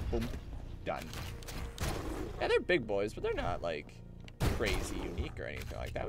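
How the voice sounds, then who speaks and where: A man's voice: huge pitch swings, normal speed, creaky, long pauses, over music. A man casually commenting on a game he plays on stream, rambling and joking as he goes. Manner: rambling, jokey, puts on silly high voices for clone banter.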